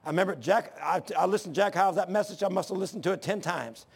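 An older man preaching a sermon, swinging from shouting to hushed storytelling, with a gravelly, husky voice. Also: high voice, fast. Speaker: pastor.

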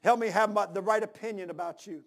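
Gravelly sixty-something preacher, high voice. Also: male voice, steady tone, fast talker. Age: 60s. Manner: emphatic, repeats phrases, calls amen and hallelujah; folksy, drawls "man" and "ain't". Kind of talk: sermon.

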